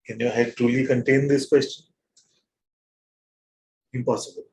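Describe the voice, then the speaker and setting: A man leading a satsang as spiritual teacher, probing his listeners with repeated questions in a gentle, playful way. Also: medium pitch, little pitch movement, moderate pace, slight background noise, poor audio. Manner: gentle and playful, with soft laughs. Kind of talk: satsang teaching to a live group.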